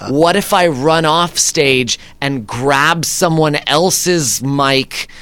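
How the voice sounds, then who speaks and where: A man, an actor guest, telling lively anecdotes in a conversation, acting out what people said. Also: on the high side, extremely slow, smooth, no echo. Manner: lively anecdotes with acted-out quotes and laughs. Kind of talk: animated storytelling in conversation.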